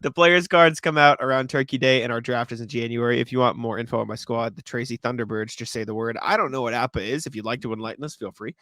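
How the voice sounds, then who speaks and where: Fast-talking bright-voiced young man. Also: medium pitch, fairly even intonation, no echo, clean studio sound. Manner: quick, chatty, laughs often between remarks. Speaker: podcast co-host. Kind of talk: casual sports podcast chat, reading listener mail aloud.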